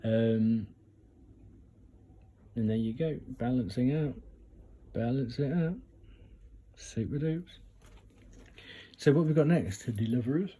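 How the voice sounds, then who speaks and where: A man's voice: mid-range voice, slow pace, pauses often, warm tone, husky. A man doing a casual tarot reading, reading passages aloud from a guidebook and breaking off for chatty asides and retakes. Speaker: tarot reader.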